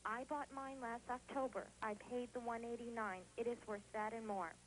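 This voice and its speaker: A woman's voice: on the high side, fairly even intonation, moderate pace, low-quality recording. A woman from New Jersey calling in to a shopping show, gushing and chatty with easy laughs. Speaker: call-in viewer. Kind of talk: phone-in testimonial.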